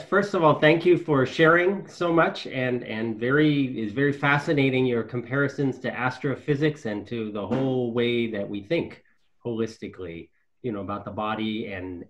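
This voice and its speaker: A man calling in to ask a question, hesitant, with many fillers and restarts, his voice trailing off quietly. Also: mid-range voice, lo-fi sound. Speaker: caller asking a question. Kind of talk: casual question from a listener.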